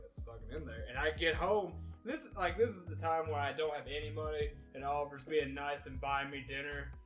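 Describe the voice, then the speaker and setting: A man's voice: fairly high pitch, steady tone, fairly quick, fairly bright tone, soft background music. A young man co-hosting a podcast, casually telling stories, swearing and quoting others. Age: young adult. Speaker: podcast co-host. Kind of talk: casual storytelling chat.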